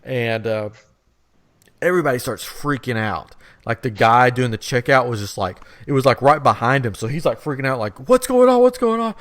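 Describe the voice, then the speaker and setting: A man's voice: medium pitch, moderate pace, a bit bright. A man hosting a podcast, telling a rambling funny story in a casual chat and laughing as he goes. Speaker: podcast host.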